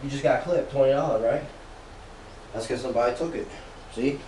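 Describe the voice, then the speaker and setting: A man giving a casual, profane motivational rant as a vlogger, talking slangy and sometimes drawing words out slowly. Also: mid-range voice, mellow, a little hiss or hum.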